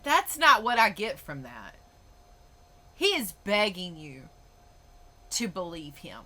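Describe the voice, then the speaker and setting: A woman's voice: mid-range voice, very animated, slow, pauses often, sharp tone. Blunt, heated woman podcaster. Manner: blunt, swears freely, heated and emphatic. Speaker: podcast host. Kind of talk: opinionated podcast monologue.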